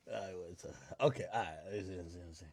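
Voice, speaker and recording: A man's voice: low-pitched, husky. A man chatting casually on his livestream, tipsy, rambling and profane, laughing often and mimicking other people.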